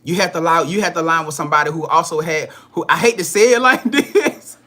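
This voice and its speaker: A man's voice: a little high, fast, bright, forceful tone. A man giving a casual live-stream spiritual reading, talking straight to his viewers in a chatty, repetitive, profane way with frequent laughter. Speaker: spiritual card reader.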